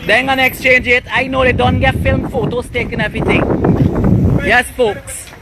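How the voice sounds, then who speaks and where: An indignant man with a high-pitched voice vlogs on the go from a vehicle. Loud traffic noise surrounds him the whole time. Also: fairly even intonation, normal speed. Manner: indignant, talks while riding in traffic. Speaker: community worker. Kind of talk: on-the-go vlog.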